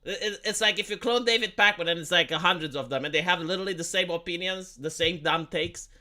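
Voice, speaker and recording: A man's voice: high voice, quick pace, bright, forceful tone. A man live streaming a heated, profane political rant. He stammers and repeats words and fires off rhetorical questions. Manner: argumentative, asks rhetorical questions.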